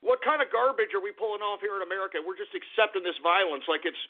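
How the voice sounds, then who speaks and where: A man's voice: high-pitched, quick pace. A man hosting a talk radio show, ranting heatedly, swearing and stammering in agitation. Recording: phone-like lo-fi radio audio.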